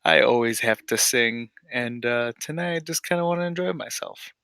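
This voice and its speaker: A man's voice: medium pitch, brisk, sharp tone, smooth, no room sound. A man playing a bard at the table, answering with hesitant, stammering lines. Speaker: player. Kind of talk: in-character table talk.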